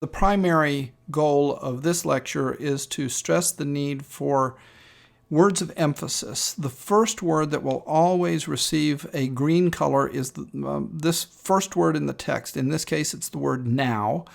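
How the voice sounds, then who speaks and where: A man teaching a screen-recorded lesson, explaining step by step in a measured way with frequent ums and uhs. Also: on the high side, vocal fry. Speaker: instructor.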